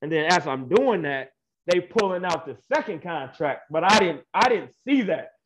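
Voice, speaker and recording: A young man, a wrestler, telling a story in a casual interview, animated and slangy, laughing often. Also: a little high, moderate pace, heavy background noise. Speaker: guest wrestler.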